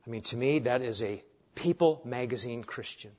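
A middle-aged man preaching a sermon as pastor, swinging between hushed asides and loud, emphatic points. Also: medium pitch, brisk. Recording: dull lo-fi sermon recording.

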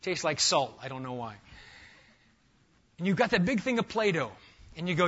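A man preaching an expository sermon to a congregation, animated and emphatic, firing rhetorical questions and talking straight to his listeners. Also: high-pitched, normal speed, long pauses, muffled recording. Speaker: pastor. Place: church sanctuary with a live congregation.

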